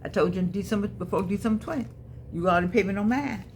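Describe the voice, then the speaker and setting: Woman, middle-aged, casual to-camera talk, repeats herself, slow emphatic punches. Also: medium pitch, a little mellow, slight background noise. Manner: preachy, repeats herself, wanders off mid-thought; sudden emphatic stretched-out words. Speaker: online motivational speaker.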